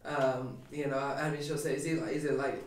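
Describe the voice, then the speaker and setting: A man, a pastor, talking through a scripture passage on a podcast in an emphatic, animated preaching way with frequent restarts. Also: mid-range voice, fairly quick, roomy sound, distant mic, a little hiss or hum. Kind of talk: podcast sermon talk.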